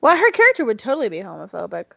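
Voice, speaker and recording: A woman's voice: fairly high pitch, huge pitch swings, racing, creaky, pushed and bright, no room sound. A woman with a Southern US accent co-hosting a podcast, chatting casually with lots of restarts. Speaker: podcast co-host. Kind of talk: casual chat.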